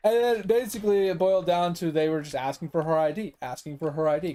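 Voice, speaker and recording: Profane, exasperated gaming streamer. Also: male voice, on the high side, fast, hardly any pauses, dark tone. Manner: exasperated, profane, many fillers. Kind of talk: casual rant while gaming.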